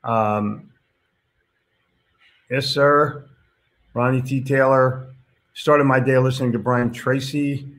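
A man's voice: mid-range voice, steady tone, slow pace, pauses often, a bit bright. Blunt, chatty male host. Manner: blunt, with casual swearing; reads comments aloud and reacts to them. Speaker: host reading viewer comments. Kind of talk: casual live-stream chat.

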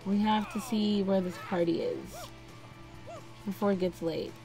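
A woman's voice: mid-range voice, fairly even intonation, a little slow, warm tone. A young woman giving casual let's-play commentary, chatting to her game characters as she plays. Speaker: gameplay narrator. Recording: faint game music behind.

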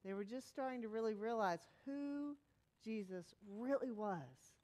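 A woman pastor giving a sermon in a conversational, animated way, sometimes dropping to a hushed, soft tone. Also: fairly high pitch, a little slow.

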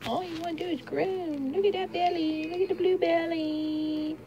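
A woman's voice: very high voice, steady tone, moderate pace, lo-fi sound, background noise. A woman at home talking baby talk to her pet monkey, cooing and sing-song.

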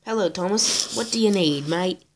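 A strong, easygoing engine man, friendly and ready to help, in a low voice. A woman puts him on in a homemade story. The recording is noisy. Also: normal speed, lightly acted.

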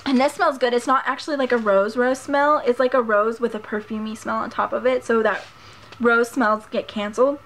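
A woman's voice: a little high, fairly even intonation, brisk, a bit bright, a little hiss or hum. A woman vlogger chatting casually and gushing as she unboxes a package of makeup, a little out of breath. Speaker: beauty vlogger. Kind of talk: casual haul unboxing chat.

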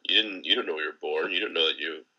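A man's voice: sits low, rapid-fire, pushed and bright. A young man co-hosting a podcast, rambling and teasing in casual banter and swearing freely. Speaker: podcast co-host. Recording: dull lo-fi podcast audio.

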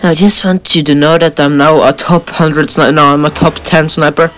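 A man's voice: fairly high pitch, little pitch movement, normal speed, fairly bright tone. A man giving casual, joking gameplay commentary, boasting and swearing as he plays. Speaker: gaming video host.

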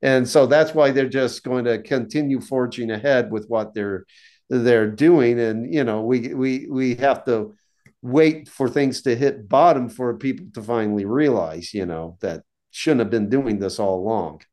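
A man, an author guest on a podcast, talking casually in halting speech with many restarts and repeated words. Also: mid-range voice, a little mellow. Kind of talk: casual interview talk.

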